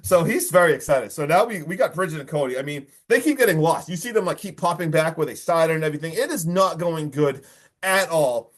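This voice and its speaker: Man, podcast host, slightly high voice, excited, casual movie recap, acts out lines. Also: a little fast.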